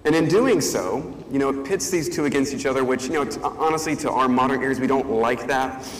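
A man's voice: mid-range voice, a little fast, a little hiss or hum. A male pastor giving a conversational sermon, thinking aloud with fillers and restarts. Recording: echoey hall, faint ambience.

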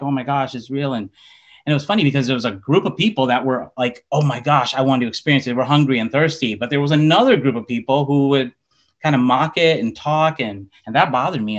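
A man's voice: medium pitch, muffled recording. A man telling a personal faith story in casual, rambling talk full of fillers. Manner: rambling, many fillers like "like" and "you know". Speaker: person sharing a faith testimony.

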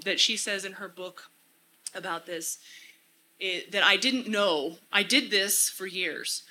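A woman's voice: medium pitch, sharp tone, a little hiss or hum, low-quality recording. A woman giving an earnest church talk, often repeating phrases for emphasis. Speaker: church speaker. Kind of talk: casual teaching talk.

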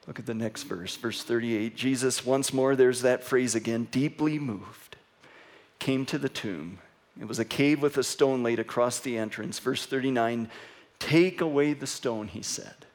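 A man preaching a sermon as pastor, reading scripture with wry asides and building to an excited, rising delivery. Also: medium pitch, unhurried. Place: church sanctuary.

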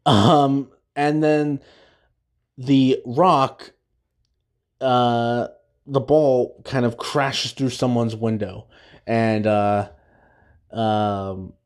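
A man's voice: medium pitch, flat delivery, drawn-out words, long pauses. A young man hosting a podcast, recapping an episode in a rambling, casual way, full of fillers and restarts. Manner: rambling, many fillers and restarts, laughs at his own jokes. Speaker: podcast host.

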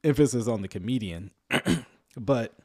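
A man giving casual livestream commentary on a sermon, sarcastic and rambling, often chuckling and filling pauses with "um.". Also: mid-range voice, animated, slightly rough. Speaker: online commentator reacting to a sermon.

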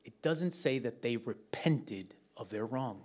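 A man preaching a conversational Bible teaching, animated and chatty, with joking asides to the room. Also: medium pitch, unhurried.

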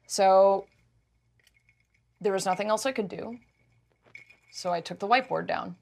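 A woman telling a personal story in casual conversation, emotional and animated, often stumbling and restarting her sentences. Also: mid-range voice, a little slow, gravelly.

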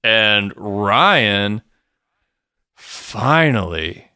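A man's voice: lowish voice, very animated, very slow, sharp tone, smooth, dry recording, studio quality. A man co-hosting a podcast, recapping a TV episode in laid-back casual chat, swearing freely and leaning on fillers. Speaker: podcast co-host.

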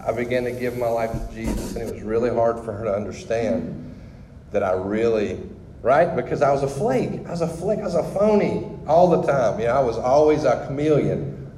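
A man's voice: mid-range voice, mellow, roomy sound, long reverb tail, slight background noise, low-quality recording. A man sharing his personal testimony with a group, talking candidly and conversationally with frequent restarts.

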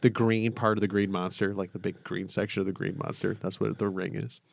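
A man's voice: lowish voice, little pitch movement, a little fast, gravelly, no echo. A man co-hosting a podcast in casual chat, jokey and often laughing. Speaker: podcast co-host.

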